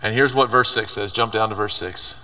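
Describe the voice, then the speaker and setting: A man's voice: lowish voice, brisk, pushed and bright, recorded from a distance. A man preaching a youth sermon, reading scripture aloud and retelling it in casual, conversational terms. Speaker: youth pastor. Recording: reverberant hall, voice from afar.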